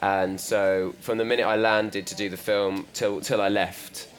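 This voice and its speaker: A man's voice: fairly low pitch, little pitch movement, unhurried. A man, an actor, answering questions at a live panel, hesitant and self-deprecating, with frequent restarts. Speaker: actor and film star. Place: live panel event in a store.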